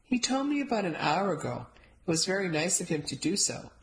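A woman's voice: lowish voice, moderate pace, close to an everyday voice. A woman voicing an older grandmother who speaks politely with a mild, dry sarcasm. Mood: sweet, dry. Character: fussy older Sicilian-born grandmother, gently sarcastic.

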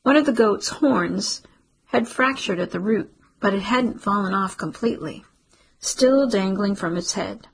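A woman reads a novel aloud in steady, measured narration. Her voice is very husky and breathy, with a gravelly fry running through it. She tells the story at an even pace. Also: mid-range voice, poor audio. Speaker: audiobook narrator. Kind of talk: scripted narration.

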